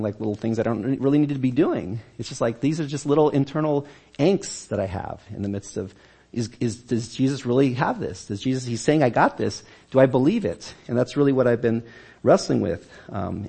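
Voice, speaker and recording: A man's voice: mid-range voice, creaky, dark tone, breathy edge. A man preaching a sermon as pastor of a church, talking in a conversational way and often repeating and restarting words.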